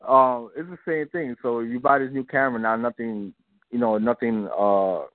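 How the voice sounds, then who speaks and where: A man's voice: medium pitch, steady tone, normal speed, no echo. A man, a guest filmmaker, chatting casually in a radio interview, loose and repetitive, laughing often. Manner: loose and talkative, repeats himself, laughs often. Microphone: phone. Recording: dry, tinny phone line.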